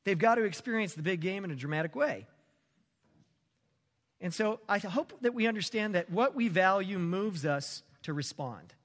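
Man, pastor, sermon, high voice, animated storytelling, long hall echo. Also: moderate pace. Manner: animated storytelling, rising to excited emphasis.

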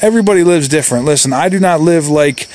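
A man, a real estate agent, telling a story in a casual monologue, chatty and animated. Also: fairly high pitch, fast. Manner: chatty, many fillers and restarts, animated.

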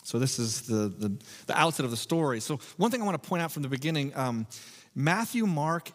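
A man preaching a sermon as pastor, telling a self-deprecating story in a relaxed, conversational way before moving into scripture. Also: on the high side, a little fast, in a large hall.

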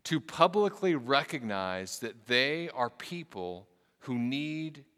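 A man's voice: medium pitch, very animated, slow pace, a bit bright, smooth, big-room sound. A man preaching a sermon, reading scripture aloud and telling a story with earnest emphasis and casual asides. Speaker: pastor.

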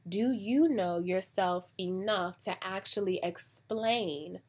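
An American woman hosting a podcast in a casual, chatty way, acting out quoted voices with big jumps in pitch. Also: slow. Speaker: podcast host. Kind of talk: casual solo podcast talk.

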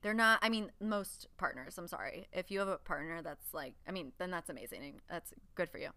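A woman's voice: lowish voice, fairly quick, bright, forceful tone, no room sound. A young woman co-hosting a podcast, chatting candidly and swearing freely, often laughing. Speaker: podcast co-host. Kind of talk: casual chat.

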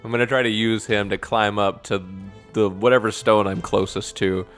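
A man's voice: lowish voice, fairly even intonation, moderate pace, a bit bright, soft background music. A man playing a tabletop game, casual and jokey with crude humor. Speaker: player.

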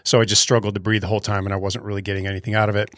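A man co-hosting a podcast, calmly recounting his own progress in casual chat. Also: lowish voice, racing, dry recording. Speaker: podcast co-host.

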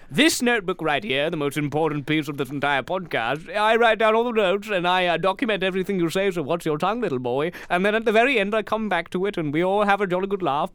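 A man's voice: high-pitched, pushed and bright, smooth, no room sound, pitched above the performer's own voice. A man putting on a pompous, condescending posh host. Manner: mocking, haughty, theatrical.

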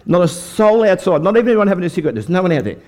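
The older Australian preacher's voice is high-pitched and racing as he tells his folksy story of faith. Speaking to a live congregation, he delivers a testimony sermon with lively back-and-forth energy.

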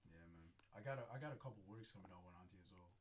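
A man with an American-leaning accent talks fast in a loose, laid-back way, packing his sentences with "like" and breaking into laughter often. His voice sits fairly low. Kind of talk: casual chat.

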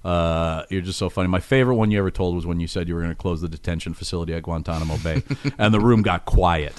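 A man's voice: low-pitched, very fast, slight background noise. A man, a comedy writer guesting on a podcast, telling a rambling story with lots of fillers and restarts. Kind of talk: casual anecdote on a podcast.

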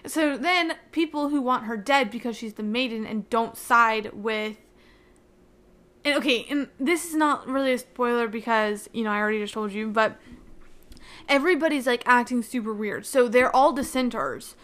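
A young woman casually recapping a book, talking excitedly and filling her sentences with "like" while she avoids spoilers. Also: fairly high pitch, moderate pace. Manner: chatty, heavy use of "like" fillers. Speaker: book reviewer.

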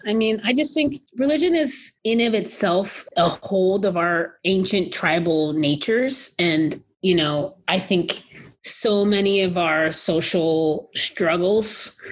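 Woman, husky and a touch low, earnest conversational guest, thoughtful delivery. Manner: thoughtful, earnest, with frequent fillers. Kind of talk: casual conversation.

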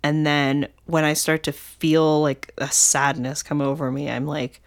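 Woman co-host, young adult, deep voice, candid and emotional, filler-heavy casual talk. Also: level tone, measured pace. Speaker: podcast co-host. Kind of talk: casual podcast chat.

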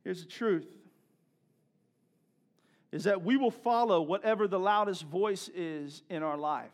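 A man's voice: high voice, unhurried. A male pastor preaching a sermon in a conversational way, repeating himself and building to emphatic peaks.

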